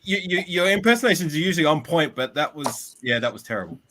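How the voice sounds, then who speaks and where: A man's voice: a little high, animated, fast, a bit bright, a little hiss or hum. A man from Australia with an Australian accent, a guest on a casual sports chat who is friendly, polite and laughs easily.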